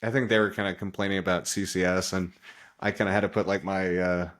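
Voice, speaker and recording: A man hosting a casual podcast interview, relaxed and loose, often saying "kinda" and "like". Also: low voice, fast talker. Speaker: podcast host.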